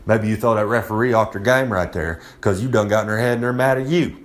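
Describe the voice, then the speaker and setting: A man's voice: on the low side, fast. Swaggering man spitting loose advice. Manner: swaggering, loose, repeats "I'm just saying", streetwise slang. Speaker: recurring advice segment presenter. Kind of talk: casual monologue of wrestling tips.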